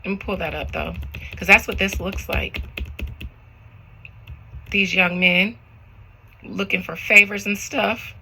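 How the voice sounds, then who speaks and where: Gravelly, sharp-voiced woman tarot reader. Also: medium pitch, fairly even intonation, slow, long pauses, slight background noise, low-quality recording. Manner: rambling, slangy, talks to viewers directly. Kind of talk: casual spiritual reading vlog.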